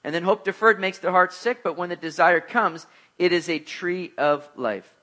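A man's voice: high voice, moderate pace, bright, forceful tone. A man preaching a conversational sermon, mixing jokes with emphatic exhortation. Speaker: pastor.

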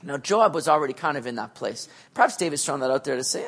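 A male pastor preaching a sermon in a casual, animated, slangy way, swinging between loud and soft. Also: fairly high pitch, fast talker, hardly any pauses, husky.

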